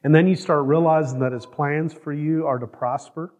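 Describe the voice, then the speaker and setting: Guy pastor preaching, slightly high voice, keeps asking the room stuff, sounds a bit muffled. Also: steady tone, normal speed, a little mellow, in a large hall. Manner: asks the congregation questions, acts out quoted prayers. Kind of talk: sermon. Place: church sanctuary.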